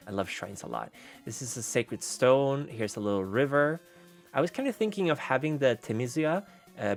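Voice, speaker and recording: A man streaming as a VTuber, chatting casually and rambling, with many fillers and restarts. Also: on the low side. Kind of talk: casual livestream chat.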